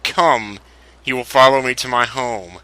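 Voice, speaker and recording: A man's voice: mid-range voice, measured pace, pushed and bright, no echo, low-quality recording. A man reading the lines of a jolly, welcoming older male town governor in a genial way. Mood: jovial.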